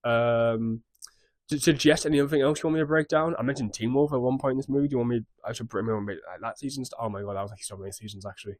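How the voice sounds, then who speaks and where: A man's voice: mid-range voice, steady tone, fast talker, no room sound. A young man casually recapping a show on his vlog in a scattered, rambling way, swearing freely. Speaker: YouTube recap host.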